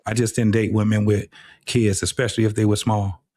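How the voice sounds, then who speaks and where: A man's voice: fairly low pitch, flat delivery, a little fast, dark tone. A middle-aged man hosting a live talk show, speaking bluntly and casually with frequent profanity. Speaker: host.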